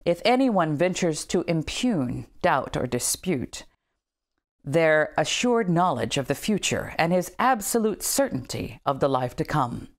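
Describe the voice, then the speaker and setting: Low-voiced woman reading aloud dramatically. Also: big pitch swings, unhurried. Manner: dramatic, emphatic reading with casual asides. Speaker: study group leader. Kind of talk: reading a book aloud with comments.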